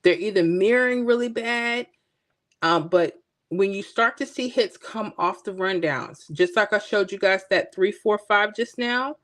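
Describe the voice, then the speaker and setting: A woman's voice: medium pitch, measured pace, fairly bright tone. A middle-aged woman from Florida hosting a livestream, telling stories in a chatty way and talking to viewers by name. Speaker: livestream host. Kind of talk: casual livestream chat.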